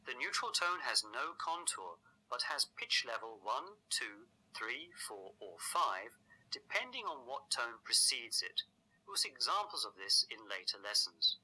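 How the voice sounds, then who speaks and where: A man narrates a scripted language lesson with a measured, explanatory delivery. His voice is very bright and ringing. His pitch moves in lively swoops as he walks through each point. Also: husky, poor audio. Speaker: language teacher.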